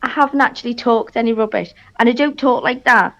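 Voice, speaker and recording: A woman's voice: fairly high pitch, brisk, a bit bright. A woman with a Liverpool accent on a livestream, cheeky and teasing, swearing freely in casual banter. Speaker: guest caller.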